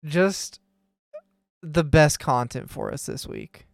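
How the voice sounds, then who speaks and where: Podcast co-host, slow unhurried delivery, deadpan one-liners, dry close recording. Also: medium pitch, creaky, dry recording. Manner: dry quips, frequent laughter. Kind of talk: casual chat.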